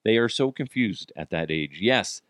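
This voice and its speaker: Animated man telling stories on a podcast. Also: lowish voice, normal speed, no echo, studio quality. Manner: animated, swearing, laughs while telling stories, acts out quoted voices. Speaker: podcast host. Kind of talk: casual storytelling monologue.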